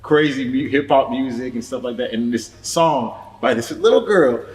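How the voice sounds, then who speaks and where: A pastor telling his story in a casual church talk show, animated and laughing often. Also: medium pitch, moderate pace, soft background music.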